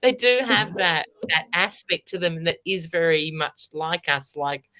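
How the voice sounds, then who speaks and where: A woman, a guest medium, talks in a chatty, storytelling way. Her voice is bright and clear, set fairly low in pitch. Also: measured pace. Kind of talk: casual chat.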